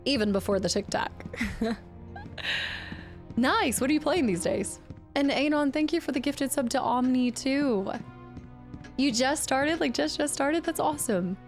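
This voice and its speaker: A woman livestreamer chatting casually while playing a game, gushing and excitable, thanking viewers by name. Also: high-pitched, unhurried, soft background music. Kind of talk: casual game stream chat.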